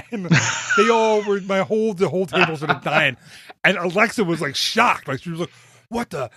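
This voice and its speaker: A man co-hosting a podcast, chatting casually and telling a lively story with frequent restarts. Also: high voice, moderate pace, very noisy. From northern United States. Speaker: podcast co-host. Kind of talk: casual chat.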